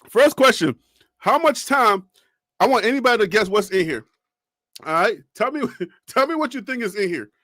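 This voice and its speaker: A man's voice: high-pitched, a bit bright, no echo. A young man hosting a casual sports live stream, laughing often and talking straight to his viewers. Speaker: sports show host.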